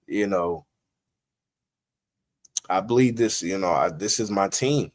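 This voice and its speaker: A man's voice: unhurried, pauses often. A man hosting a sports talk show, ranting emotionally after his team's loss, swearing, and reading out game stats. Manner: heated, swings between low mutters and high shouted outbursts, swears freely; reads stats in a flatter, steadier tone. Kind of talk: emotional post-game fan rant.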